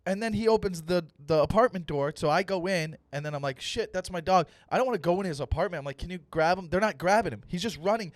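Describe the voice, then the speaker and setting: A young adult man hosting a comedy podcast, ranting with animated, profane storytelling and acted-out dialogue. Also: sits high, fast, few pauses, no echo. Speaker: comedian host.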